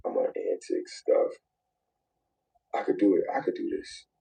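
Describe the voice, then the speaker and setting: A man's voice: sits low, little pitch movement, a little slow, vocal fry, warm tone, slightly rough, poor audio. A man telling an emotional personal story in a played clip, repeating phrases and dropping to near whispers.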